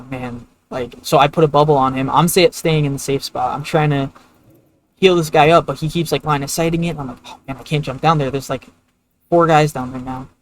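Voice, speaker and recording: A man's voice: a little high, slight background noise, poor audio. Rambling man telling a gaming story. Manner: rambling storyteller, many "like" fillers. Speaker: streamer. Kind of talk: casual gameplay commentary.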